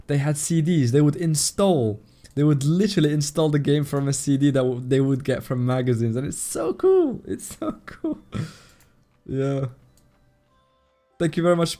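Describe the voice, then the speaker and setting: A man's voice: mid-range voice, warm tone. A man with a non-native English accent streaming a game, chatting casually and thanking viewers in chat as he plays. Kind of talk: casual live-stream commentary while playing.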